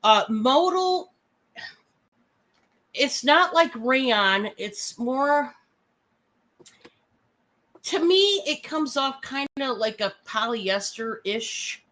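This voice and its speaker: A woman hosting a live sale while fighting a cold, her voice hoarse and froggy. She chats and laughs, gushing about each item in a bright, forward tone. Her voice sits a little high. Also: animated, extremely slow, pauses often. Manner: chatty, laughing, gushing over items. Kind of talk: casual live selling chat.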